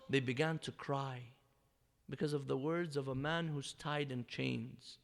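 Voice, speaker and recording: A male preacher telling a story in a sermon with an Iraqi Arabic accent, swinging between loud declaiming and hushed near-whispers, chanting some phrases. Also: mid-range voice, fairly even intonation, unhurried, gravelly. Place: mosque or community center hall. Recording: echoey hall.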